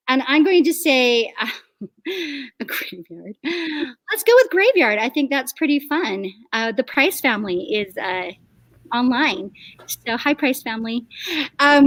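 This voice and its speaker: A woman's voice: high-pitched, animated, a little slow, no room sound. A woman hosting an improv comedy game over a video call, chatty and upbeat with many hesitant fillers. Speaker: improv show host.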